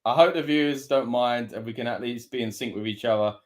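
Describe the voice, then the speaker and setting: A man with a Scottish accent co-hosting a live wrestling watch-along, talking casually and breaking into excitable reactions. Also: mid-range voice, brisk. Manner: excitable, bursts into loud reactions.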